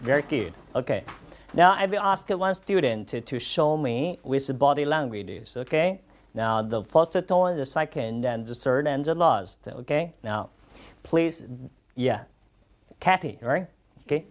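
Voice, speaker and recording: A Chinese language teacher, a native Chinese speaker, teaching a class in English with steady praise and repetition. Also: medium pitch. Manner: slow, encouraging, repeats lots of praise. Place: classroom with students.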